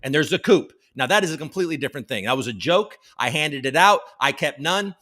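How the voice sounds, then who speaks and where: Male livestream host, profane rambling rant, slightly high voice. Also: lively intonation, quick pace, sharp tone. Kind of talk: ranting live crypto show.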